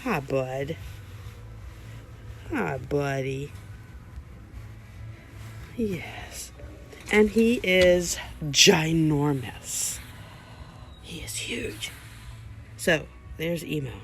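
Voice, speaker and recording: A woman showing her new rabbits outdoors beside the hutches on her farm, chatting casually to the camera and cooing softly at the animals. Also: sits low, lively intonation, drawn-out words, gravelly, long pauses, faint music behind. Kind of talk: casual vlog walk-through.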